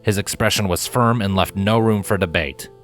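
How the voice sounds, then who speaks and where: A man reading fanfiction aloud in an expressive storytelling manner. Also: lowish voice, normal speed. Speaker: fanfiction reader. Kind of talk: audiobook narration. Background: faint guitar music.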